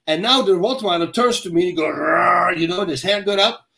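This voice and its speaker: A man's voice: sits high, fast talker. A middle-aged man, telling stories in casual podcast chat and acting out the voices in them. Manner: animated storyteller, acts out quotes and dog growls. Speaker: podcast co-host.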